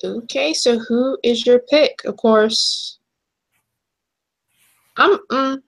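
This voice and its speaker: Young woman co-host, higher-pitched, chatty and easygoing. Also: extremely slow, gravelly. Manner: chatty, laughs easily, trails off and restarts. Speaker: podcast co-host. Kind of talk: casual chat.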